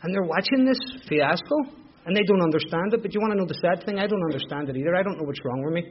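Middle-aged man, Belfast accent, candid emotional testimony, somewhat high voice, dull lo-fi sound with faint hiss. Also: animated, fast talker. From Northern Ireland. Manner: candid, emotional storytelling with repetitions. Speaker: speaker sharing his recovery story. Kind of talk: personal testimony. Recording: dull lo-fi recording.

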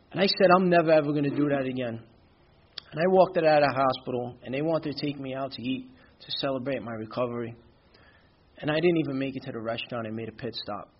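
A man's voice: medium pitch, lo-fi sound, a little hiss or hum. Candid man. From Brooklyn, New York. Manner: candid, conversational, many "you know" fillers. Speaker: recovery speaker. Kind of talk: personal testimony talk.

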